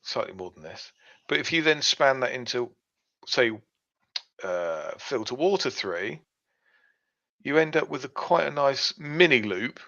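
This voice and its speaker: In a casual podcast chat, a male co-host lays things out step by step with many fillers. His medium-pitched voice has lively intonation and sounds pushed and bright, unhurried and marked by long pauses, captured in dull lo-fi sound.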